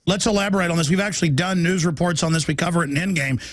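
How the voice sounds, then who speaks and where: A man hosting a talk show interview, talking in halting bursts with stammering restarts. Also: fairly high pitch, fairly bright tone, no room sound.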